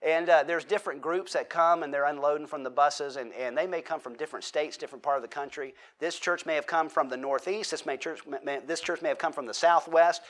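A man's voice: a little high, fairly quick, few pauses, a bit bright. A man preaching a conversational Bible-teaching sermon, asking the audience questions and acting out quotes. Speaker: pastor.

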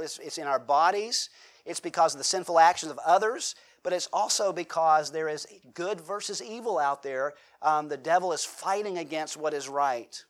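A middle-aged American man preaching a sermon as pastor, talking to his congregation in a conversational way, asking rhetorical questions and acting out quotes. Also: a little high.

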